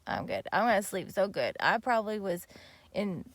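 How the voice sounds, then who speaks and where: A woman's voice: medium pitch, lively intonation, normal speed, dry recording. A young woman vlogger telling a story casually and animatedly, with many fillers and restarts.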